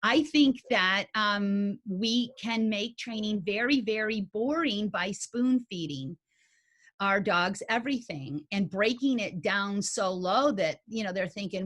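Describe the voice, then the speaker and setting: A woman instructor talking through dog agility training with her students. Her delivery is folksy and animated, with homey turns of phrase. Her pitch sits in an ordinary middle range. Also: takes it slowly. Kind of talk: conversational teaching talk.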